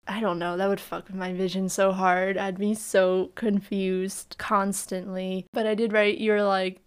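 A woman's voice: medium pitch, flat delivery, normal speed, hardly any pauses, smooth. A woman co-hosting a podcast, chatting casually about a film, laughing and acting out its lines. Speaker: podcast co-host. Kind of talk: casual film review chat.

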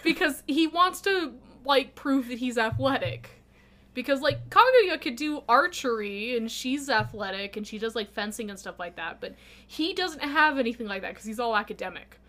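A woman's voice: a little high, animated, moderate pace, sharp tone. A woman co-hosting a podcast in casual chat, chatty, retelling scenes with quoted lines. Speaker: podcast co-host.

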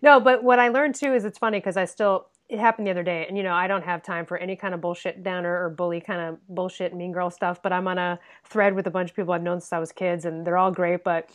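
A woman hosting a podcast in casual chat, chatty and agreeable, quick to chime in. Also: lowish voice, fairly even intonation. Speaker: podcast host.

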